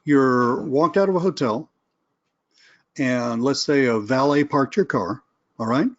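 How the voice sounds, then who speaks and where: Speaking unhurriedly at medium pitch, a man teaches sales in a casual live webinar and acts out phone calls to illustrate. The audio has its highs cut off.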